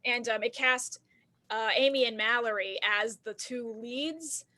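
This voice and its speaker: A woman's voice: on the high side, steady tone, a little slow, pushed and bright. A woman hosting an online improv show, setting up scenes in a playful mock-earnest way. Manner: mock-earnest, chatty with fillers.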